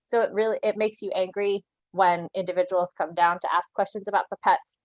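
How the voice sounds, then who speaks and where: A woman's voice: fairly low pitch, steady tone, brisk, no echo, highs cut off. A woman leading an online training session, explaining things earnestly, often checking in with "right?" and laughing lightly now and then. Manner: earnest and instructive, with occasional laughs and frequent "right?" check-ins. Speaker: animal control officer giving a training.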